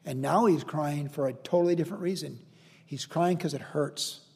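A man's voice: fairly high pitch, moderate pace, vocal fry, darkish tone, husky, big-room sound. A man pastor teaching verse by verse through a Bible passage in an earnest, conversational and emotional way, with rhetorical questions.

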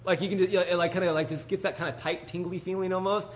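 A man preaching a conversational sermon in an animated, chatty way, full of asides to the congregation. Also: high-pitched, quick pace, a little hiss or hum.

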